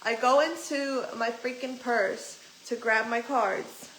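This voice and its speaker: A woman's voice: fairly high pitch, fairly even intonation, slow pace, fairly bright tone. A young adult woman vlogger telling a story in casual chat, ranting and swearing freely as she retells what people said. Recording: echoey room, faint background noise.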